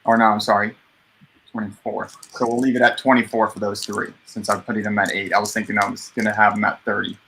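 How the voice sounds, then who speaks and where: Low-voiced guy with a sharp bright tone listing deals on a live stream. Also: flat delivery, quick pace, slight background noise, poor audio. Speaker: co-host. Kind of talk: live sales pitch.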